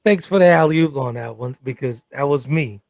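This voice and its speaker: A man's voice: medium pitch, moderate pace, darkish tone, dry recording, clean studio sound. A man co-hosting a live talk show about relationships, talking emphatically and often repeating "exactly" and "good stuff".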